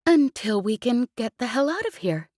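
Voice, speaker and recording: A woman's voice: on the high side, big pitch swings, normal speed, darkish tone, no room sound, clean studio sound, pitched above the performer's own voice. Woman doing a cocky smuggler pilot. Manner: cocky, snapping. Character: brash protective female smuggler pilot.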